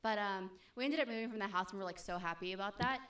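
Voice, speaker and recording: A woman's voice: mid-range voice, fast talker, a bit bright. A young woman telling a story in casual chat, rambling with many fillers.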